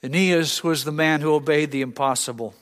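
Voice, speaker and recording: A man's voice: a little high, fairly even intonation, a little fast, a bit bright, big-room sound. A man preaching a sermon, telling stories earnestly and acting out the voices of people in them. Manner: earnest storytelling, acts out voices. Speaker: pastor.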